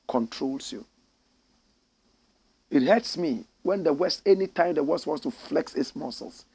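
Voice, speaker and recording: A middle-aged Ghanaian man with a slightly raised pitch, speaking as a commentary show host. His delivery is fiery and preaching, often climbing into loud, passionate outbursts. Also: expressive, normal speed, creaky, breathy edge, dry recording. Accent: Ghanaian English. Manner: fiery, preaching, voice rising to shouts.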